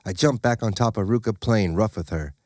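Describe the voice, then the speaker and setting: A man's voice: fairly low pitch, a little fast, darkish tone, no room sound, studio quality. A man narrating a story in the first person, in a plain, matter-of-fact way. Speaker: audiobook narrator.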